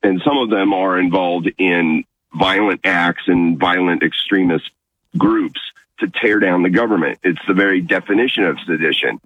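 Very deep raspy guy calling in, insistent, thin phone line sound. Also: normal speed, dry recording. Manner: earnest, insistent. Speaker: caller.

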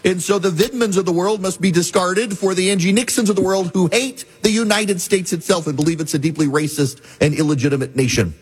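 A man hosting a political talk radio show, talking fast and scornfully with frequent filler restarts. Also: sits high, breathy edge. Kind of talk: opinionated political commentary.

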